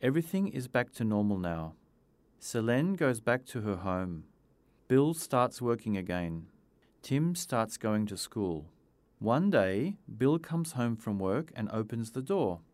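Man, storybook narration, expressive pitch, dry close sound. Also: unhurried, no echo.

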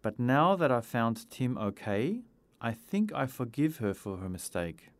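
A man's voice: medium pitch, very animated, measured pace, dry recording. A man voicing a loving, forgiving father who speaks tenderly.

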